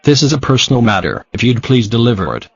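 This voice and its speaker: Man, husky voice, transcript read-through, speaker labels spoken aloud, dry close sound. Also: medium pitch, sing-song, quick pace, no room sound, muffled recording. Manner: reads speaker labels and spells out names letter by letter. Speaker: reader of a true-crime podcast transcript. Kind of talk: flat reading of an interview transcript, speaker names read aloud.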